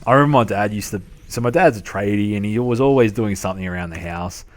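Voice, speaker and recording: Fast and lowish-voiced, this Australian game streamer in his thirties rattles off casual stories. Laughter and free swearing run through his matey, profane storytelling chat.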